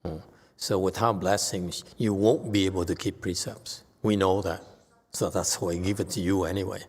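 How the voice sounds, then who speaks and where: A male Buddhist teacher giving an animated, emphatic dharma lecture. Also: sits low, moderate pace, slightly rough. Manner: animated, emphatic, voices dramatic quotes. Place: temple lecture hall. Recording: long hall reverb.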